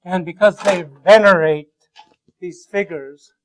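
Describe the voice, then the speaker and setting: Man lecturing, a bit high-voiced, rambling, joking asides, lots of halting restarts. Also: fairly bright tone, poor audio. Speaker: university lecturer. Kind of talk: classroom lecture.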